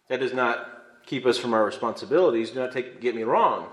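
A man's voice: mid-range voice, a little fast. A man from Illinois preaching a sermon as pastor, conversational and emphatic, building to fervent stress. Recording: echoey room.

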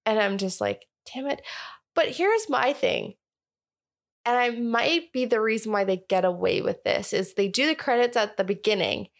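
A woman's voice: fairly high pitch, expressive, normal speed, vocal fry. A young woman co-hosting a podcast, chatting casually about an old film and acting out her own reactions. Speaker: podcast co-host.

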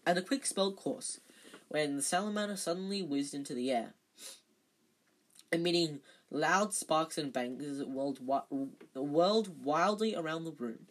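Here a medium-pitched voice moves a little slowly through a novel, read aloud casually by an amateur. The reader stumbles at times and corrects themself.

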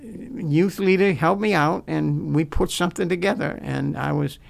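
An older man who is a pastor, earnestly telling his life story in an interview, halting and repeating words as he remembers. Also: a little high, gravelly. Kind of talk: personal storytelling in a faith interview.

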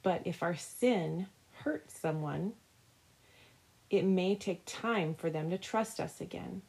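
A woman guest reading the mother's lines of a children's devotional story aloud, in a gentle, steady way. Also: fairly low pitch, slow pace, vocal fry, low-quality recording. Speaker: guest reader.

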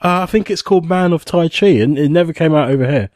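A man's voice: fairly high pitch, fast talker, darkish tone, no room sound. A man co-hosting a casual movie podcast, making dry joking asides. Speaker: podcast co-host.

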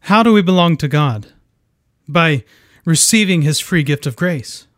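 A man's voice: fairly high pitch, lively intonation, no echo, clean studio sound. Earnest man teaching from the Bible. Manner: measured, earnest, reads scripture aloud. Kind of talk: scripted devotional Bible teaching.

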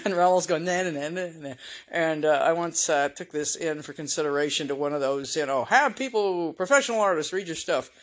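A woman's voice: low voice, fairly quick, hardly any pauses. Blunt, profane woman podcaster. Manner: blunt, profane, opinionated, chuckling asides. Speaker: podcast host. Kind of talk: casual solo podcast monologue.

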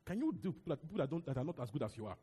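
A young man with a Nigerian accent preaching a sermon, talking in an animated, conversational way with repeated words and asides. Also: fairly high pitch, very fast, husky. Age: young adult. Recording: long hall reverb.

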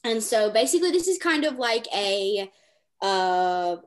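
An excitable woman hosts a casual podcast chat. She gushes and talks in quick bursts, full of enthusiasm. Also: medium pitch. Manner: excitable, gushing, fast bursts. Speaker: podcast host.

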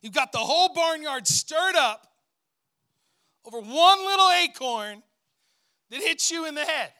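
A man's voice: very high-pitched, expressive, a little slow, pushed and bright, pitched above the performer's own voice, exaggerated voice. A man doing a no-nonsense scolding cow. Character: level-headed female cow scolding the barnyard.

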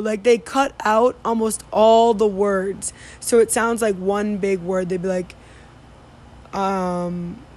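A woman's voice: mid-range voice, a little mellow. A young woman casually telling a story, rambling with many fillers and restarts. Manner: rambling, many fillers and restarts, mimics Spanish street calls. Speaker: vlogger recounting study abroad.

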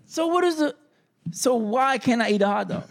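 A man in his forties chatting casually as a podcast host, animated and incredulous, full of street slang. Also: extremely high pitch, normal speed, creaky. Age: 40s. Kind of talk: casual chat.

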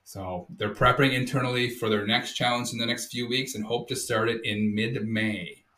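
A man co-hosting a podcast, reading out news updates in a steady, upbeat casual chat. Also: medium pitch, moderate pace, roomy sound. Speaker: podcast co-host.

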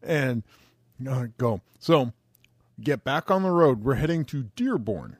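A man's voice: mid-range voice, animated, a little slow, dry recording, studio quality. A man in his forties, co-hosting a casual podcast, telling stories with plenty of profanity and exasperation. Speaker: podcast co-host. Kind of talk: casual chat.

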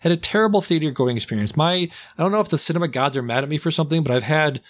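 A young man casually reviewing movies on a podcast, rambling and slipping into loud, comic put-on accents. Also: a little high, animated, very fast. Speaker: podcast host.

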